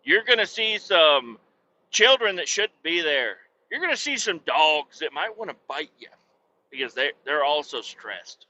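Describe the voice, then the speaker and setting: A man rambles through a rowdy comic story, swearing freely as he goes. His voice is fairly high with a sharp, bright edge. The podcast audio is dull and lo-fi, with a faint hiss underneath. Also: very animated, measured pace. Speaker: podcast host.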